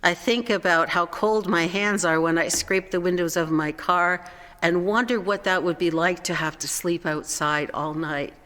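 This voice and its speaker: A pastor delivering a slow, gentle sermon, letting phrases fall softly at the ends. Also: mid-range voice. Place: church sanctuary. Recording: echoey church hall.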